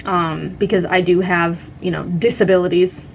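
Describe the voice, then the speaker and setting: A woman's voice: lowish voice, steady tone, moderate pace, vocal fry, a little hiss or hum. A young woman vlogger casually telling a story, chatty and full of "like" and "um". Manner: chatty, lots of "like" and "um".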